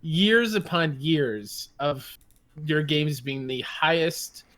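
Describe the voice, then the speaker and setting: A man's voice: on the high side, lively intonation, takes it slowly, a bit bright. A man co-hosting a podcast in casual chat, laid-back and laughing easily. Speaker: podcast co-host.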